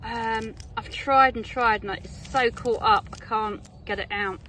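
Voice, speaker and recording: A British woman with a fairly high voice chats casually to camera on a road trip. She reflects aloud and talks herself through small mishaps in an easygoing way. Faint background noise sits under her voice outdoors. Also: fairly even intonation, a little slow, pushed and bright. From United Kingdom. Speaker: motorcycle touring vlogger. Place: outdoors by a roadside.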